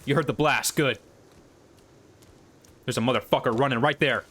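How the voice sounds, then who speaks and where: A man doing live gameplay commentary on a desk mic at home, excitable and cursing as he yells at enemies. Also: mid-range voice, moderate pace, breathy edge. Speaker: gaming YouTuber. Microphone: desk condenser mic.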